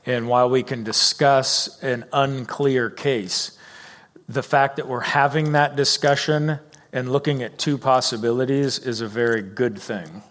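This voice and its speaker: A man, a church leader, answering questions in a careful, hedging, measured way. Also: medium pitch, steady tone, fairly bright tone. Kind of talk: church Q&A discussion.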